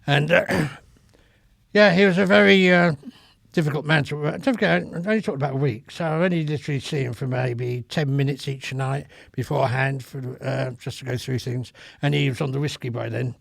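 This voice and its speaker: An older man with a gravelly voice, a comedy club veteran telling rambling, earthy stories in a casual podcast chat. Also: mid-range voice, fairly even intonation, moderate pace, a bit bright, no echo, clean studio sound. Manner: rambling, earthy, swears freely. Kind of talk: casual anecdotal storytelling. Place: podcast studio.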